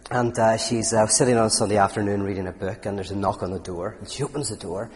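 A man's voice: on the low side, steady tone, quick pace, a little mellow. Man giving a talk in an echoing hall. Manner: conversational, anecdotal, frequent fillers and restarts. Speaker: speaker. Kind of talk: public talk on philosophy and faith. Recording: reverberant hall.

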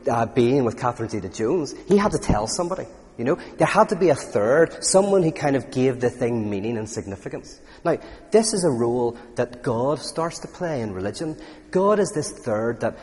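A man giving an informal lecture to an audience, telling stories with lots of restarts. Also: medium pitch. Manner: animated storytelling, frequent restarts. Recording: long reverb in a hall.

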